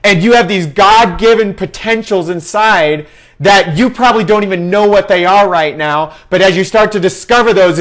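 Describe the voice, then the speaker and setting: A man's voice: high voice, a bit bright. A young man giving a passionate, preachy recruiting talk to his sales team. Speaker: team leader in a sales network. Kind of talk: fervent recruiting pitch.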